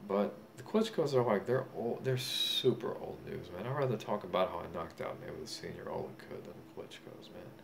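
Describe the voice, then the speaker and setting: A man's voice: on the low side, expressive, brisk, vocal fry, few pauses. A young man, boasting and rambling in a profane, drunken monologue. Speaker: self-styled boxing champion vlogger. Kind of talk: casual monologue. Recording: faint background noise.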